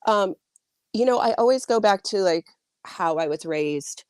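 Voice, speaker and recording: A woman's voice: medium pitch, animated, measured pace, darkish tone, dry recording, studio quality. A woman author answering interview questions in a chatty way, full of likes and restarts, over a video call. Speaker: author guest.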